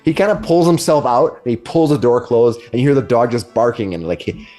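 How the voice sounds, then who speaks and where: A man's voice: medium pitch, animated, brisk, mellow, faint music behind. A man narrating a tabletop game as game master, often repeating words as he goes.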